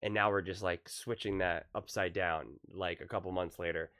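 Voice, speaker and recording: A man's voice: sits low, fairly even intonation, normal speed, a bit bright, clear, resonant tone. A man doing a reaction commentary on football news, emphatic and exasperated, ranting with frequent restarts. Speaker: sports commentary youtuber.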